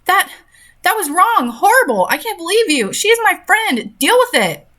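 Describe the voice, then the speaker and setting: Woman reading upset teen girl, high and pleading, close to tears. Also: very animated, a little slow, sharp tone, exaggerated voice. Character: upset teenage girl narrator.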